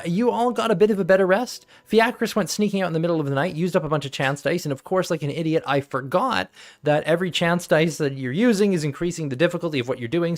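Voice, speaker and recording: A young man recapping a tabletop game as game master, rambling with lots of fillers and laughter. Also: a little high.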